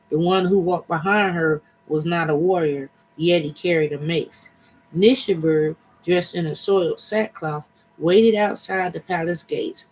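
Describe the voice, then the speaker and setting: A man reading an ancient poem aloud, deliberate and slowing at key lines. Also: a little high, slight background noise, poor audio. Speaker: reader.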